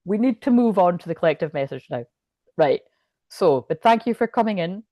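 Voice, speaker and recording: A woman's voice: on the low side, animated, brisk, dark tone, no room sound. Chatty, rambling woman tarot reader. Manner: rambling, self-interrupting, chatty with frequent laughs. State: hiccuping. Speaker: psychic tarot reader and medium. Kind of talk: casual live tarot reading.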